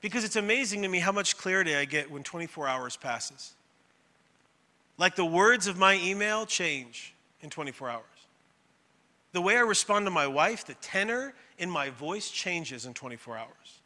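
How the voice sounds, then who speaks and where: Bright-voiced preacher man in a reverberant hall. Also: sits high, animated, moderate pace. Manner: builds to emphatic, repetitive rising phrases. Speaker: pastor. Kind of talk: sermon.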